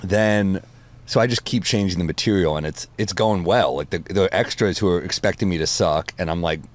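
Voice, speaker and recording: Low-voiced man telling animated stories. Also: fairly quick. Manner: animated storyteller, swears freely. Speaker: comedian guest. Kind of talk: casual podcast chat.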